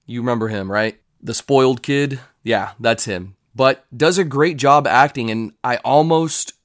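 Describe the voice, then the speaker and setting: Dude rambling through a show review, dry no-room sound, medium voice. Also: male voice, medium pitch, no echo. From United States. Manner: rambling, loose, with swearing asides.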